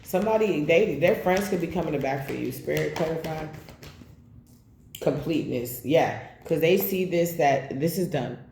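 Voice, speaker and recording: Swearing freely, a woman calls out tarot cards at a moderate pace in a casual, blunt reading. Her mid-pitched voice is mellow and dark, echoing around a roomy space with a faint hum of noise behind her.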